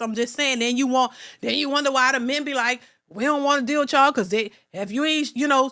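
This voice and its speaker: Bright-voiced woman ranting bluntly. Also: high voice. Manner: emphatic, repetitive, blunt and profane. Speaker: reaction channel host. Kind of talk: casual commentary rant.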